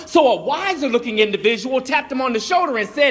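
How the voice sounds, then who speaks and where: A man telling a motivational story with a high, lively voice that swoops up and down. He talks in a dramatic, repetitive way, and a long reverb trails each line. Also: quick pace, hardly any pauses.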